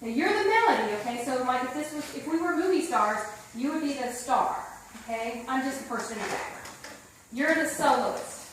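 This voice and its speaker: A woman's voice: sits high, expressive, brisk, a little hiss or hum. A woman giving a one-on-one piano lesson, singing counts aloud and coaxing her pupil along with frequent check-ins. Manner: sings counts and rhythms aloud while explaining; upbeat and coaxing, checks in with "okay?". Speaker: piano teacher. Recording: echoey room, far from the mic. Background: piano playing.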